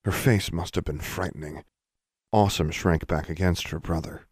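A man narrating a story in a measured, expressive way, recorded on a close mic. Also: sits low, breathy edge, dry recording. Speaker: audiobook narrator.

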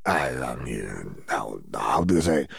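A man's voice: low voice, expressive, measured pace, slightly rough, no room sound, clean studio sound, full character voice. A man reading an audiobook voices an earnest young male student wizard who talks in stiff, formal phrasing with hesitations. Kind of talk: audiobook character voice.

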